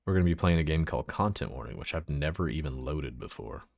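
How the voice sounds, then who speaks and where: A man's voice: extremely low pitch, lively intonation, fast, vocal fry, darkish tone, dry recording. A man from Central Texas chatting casually on a livestream, swearing freely and laughing often while he fiddles with his setup. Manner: loose and profane, laughs often, talks while fiddling with settings. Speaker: livestreamer showing his avatar model.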